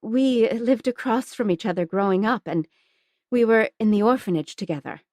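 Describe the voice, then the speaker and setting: A woman's voice: fairly high pitch, moderate pace, a little mellow, dry recording, studio quality, lightly acted. A woman reading as an anxious young orphan. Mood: breathless. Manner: urgent, breathless.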